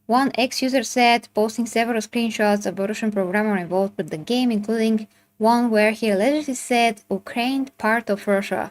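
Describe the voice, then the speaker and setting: A woman's voice: fairly high pitch, fairly even intonation, normal speed. A woman with a Bulgarian accent, hosting a casual commentary stream and chatting through viewer comments with fillers and restarts. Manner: chatty, with filler words and restarts, laughing asides. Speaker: channel host.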